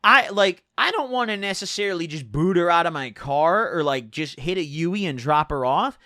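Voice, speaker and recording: Guy ranting a story for his channel, swears a lot, high bright voice, dry close sound. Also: normal speed, dry recording. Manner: profane, animated, lots of filler "like" and "dude". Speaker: YouTuber. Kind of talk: storytelling vlog.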